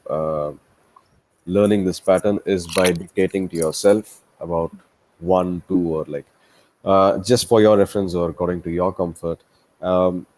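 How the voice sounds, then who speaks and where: Deep-voiced man teaching guitar. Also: dark tone. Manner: patient, explains step by step, counts beats aloud. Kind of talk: one-to-one music lesson. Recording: guitar playing throughout. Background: acoustic guitar playing.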